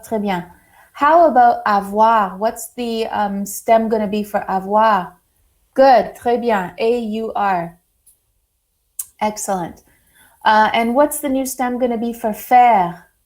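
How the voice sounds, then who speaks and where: A woman teaching a French lesson to a class, slow and deliberate, praising students often. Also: a little high, a little mellow, rough recording.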